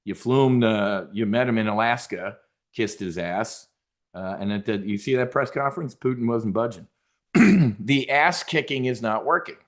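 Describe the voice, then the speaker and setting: A man's voice: mid-range voice, moderate pace. A middle-aged man hosting a trading show, giving blunt, profane, rambling live market commentary.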